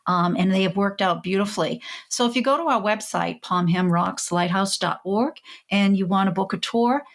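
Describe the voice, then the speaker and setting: A woman co-hosting a podcast, friendly and practical, explaining things plainly. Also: mid-range voice. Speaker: podcast co-host. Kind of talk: casual podcast chat.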